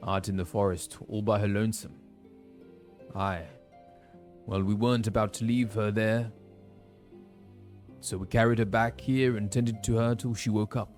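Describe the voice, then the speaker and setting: An actor playing an older male frontier villager, reading game dialogue aloud in a warm, unhurried storytelling manner with pauses. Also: fairly low pitch, steady tone, faint music behind, natural voice. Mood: wistful.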